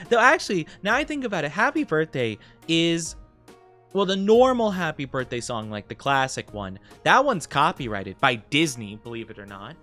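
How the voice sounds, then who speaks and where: A man's voice: a little high, sing-song, moderate pace, bright, forceful tone, soft background music. A man chatting casually on a live stream, giggly and fidgety and full of filler words.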